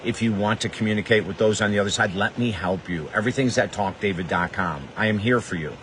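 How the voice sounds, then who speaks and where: A man's voice: fairly low pitch, quick pace, a bit bright, a little hiss or hum, poor audio. An older man and grief counselor telling a personal story in an earnest, emotional way, often repeating phrases for emphasis.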